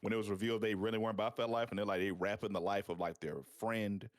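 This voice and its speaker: A man in casual live-stream chat with his co-hosts, sharing memories with eager energy. His voice sits low and he speaks quickly. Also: steady tone, over a noisy crowd. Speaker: podcast co-host.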